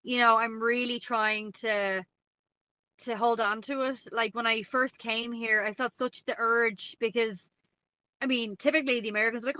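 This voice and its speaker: A woman's voice: fairly high pitch, fairly even intonation, normal speed, sharp tone, no echo, lo-fi sound. A woman with a North Dublin Irish accent, chatting casually on a podcast and filling her talk with lots of "like"s. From Ireland. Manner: chatty, many "like"s, laughs often. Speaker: guest co-host.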